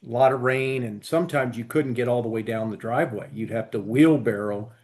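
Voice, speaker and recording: A man's voice: mid-range voice, fairly quick, a little mellow. A man with a mid-range voice chats casually on a podcast. He tells long, rambling stories filled with fillers. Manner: rambling storyteller, many fillers. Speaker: podcast co-host. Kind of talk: casual chat.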